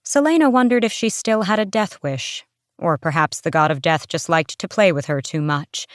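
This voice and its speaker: A woman narrating a fantasy novel aloud in a measured, expressive storybook reading. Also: fairly low pitch, dry recording, clean studio sound. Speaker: audiobook narrator.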